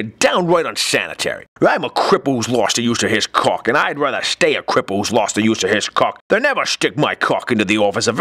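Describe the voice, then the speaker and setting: A man's voice: mid-range voice, sharp tone, dry recording, clean studio sound, full character voice. A man voicing an exasperated, foul-mouthed male cartoon therapist with a sarcastic delivery. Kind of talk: cartoon comedy voice acting.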